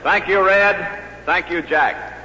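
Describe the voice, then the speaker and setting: A man hosting the event, giving slow, formal closing thanks to the speakers. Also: sits high, very noisy. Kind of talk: closing remarks. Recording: muffled old hall recording.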